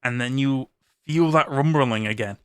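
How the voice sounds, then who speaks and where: Smooth-voiced man narrating as game master. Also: mid-range voice, normal speed, dry recording, studio quality. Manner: casual, second-person narration.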